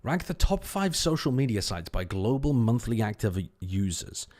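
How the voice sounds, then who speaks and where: Lowish guy streaming, muttering words over and over, voice jumps up and down a lot, swears casually. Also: big pitch swings, moderate pace, darkish tone. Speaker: stream host. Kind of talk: casual livestream thinking aloud over a word puzzle.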